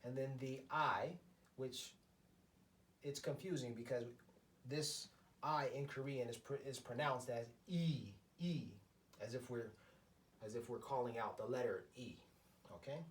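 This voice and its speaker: A man teaches a beginner class at a whiteboard, pausing often and filling gaps with hesitant sounds. He talks at an unhurried, drawn-out pace. The mic is set at a distance, so he sounds removed. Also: mid-range voice, fairly even intonation, fairly bright tone. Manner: slow, halting explanation with many fillers. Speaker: language teacher. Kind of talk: beginner lesson at a board. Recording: voice from far off the mic.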